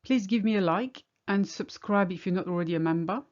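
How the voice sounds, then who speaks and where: A woman's voice: mid-range voice, brisk. A middle-aged woman from France with a French accent, teaching in a chatty, wry way. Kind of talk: casual video lesson. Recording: slightly muffled home recording.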